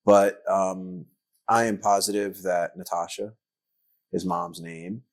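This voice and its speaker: A man's voice: low-pitched, flat delivery, takes it slowly, dry recording. A middle-aged man, a guest on a podcast interview, telling rambling anecdotes full of filler words. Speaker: guest, actor and filmmaker.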